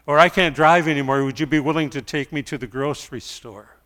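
A middle-aged male pastor preaching a sermon, telling stories quietly and then rising to loud pleas. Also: fairly high pitch, brisk, in a large hall.

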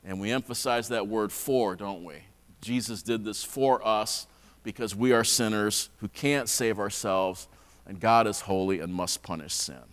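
A man's voice: lowish voice, measured pace, fairly bright tone. A man preaching a conversational sermon in a church, often repeating words as he restarts. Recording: long hall reverb.

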